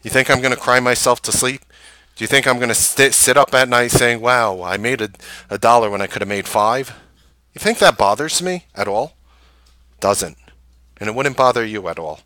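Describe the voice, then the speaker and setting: A man host recapping a trading day and pitching his course, emphatic and full of rhetorical questions. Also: pushed and bright, no echo.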